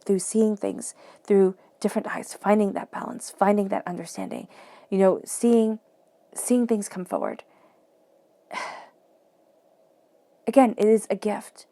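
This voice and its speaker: A woman's voice: medium pitch, gravelly, darkish tone, dry recording. A woman giving a flowing, encouraging tarot reading, often acting out quoted self-talk. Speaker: tarot reader.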